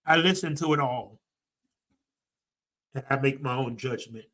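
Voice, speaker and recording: A man preaching to a congregation, emphatic, swinging his pitch for emphasis and repeating key phrases. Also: unhurried, a bit bright. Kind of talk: sermon-style commentary.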